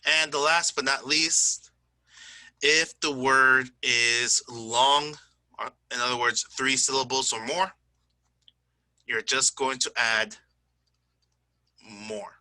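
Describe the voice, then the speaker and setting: A man's voice: medium pitch, fairly even intonation, slow, pauses often, bright, forceful tone, no echo, rough recording. A man teaching an English grammar lesson over a screen recording, explaining step by step, often checking in with "okay?" and owning small slips. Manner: self-correcting, says "my bad".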